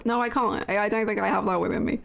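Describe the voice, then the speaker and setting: A woman's voice: medium pitch, fairly even intonation, fast talker, creaky, a bit bright. A woman streaming a game live, chatting casually and giggling at herself between read-out lines. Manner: giggly, self-deprecating.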